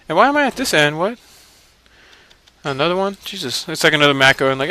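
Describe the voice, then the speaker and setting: A man's voice: a little high, expressive, fairly quick, pushed and bright, smooth. A man giving casual, profane commentary over gameplay, laughing and mocking the characters. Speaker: video game let's-play commentator.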